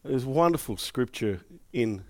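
In a measured, medium-pitched voice, a middle-aged pastor preaches a sermon. He tells personal stories full of emotion and brings quoted lines to life by acting them out.

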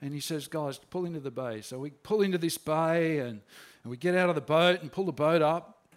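A man speaking as a bewildered male disciple, retelling events in the first person in a sermon, with excited rising outbursts. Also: a little high, brisk, natural voice. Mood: animated storytelling.

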